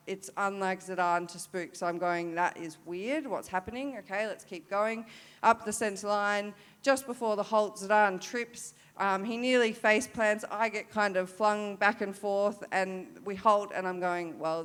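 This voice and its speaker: An Australian woman in her thirties tells a story from her riding career with open candour. Her voice is smooth and clear, set at a middle pitch, and she often restarts her sentences and fills pauses with "um" and "you know.". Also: fairly bright tone. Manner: candid, with many fillers and restarts. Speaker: para-dressage rider. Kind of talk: storytelling talk at a forum.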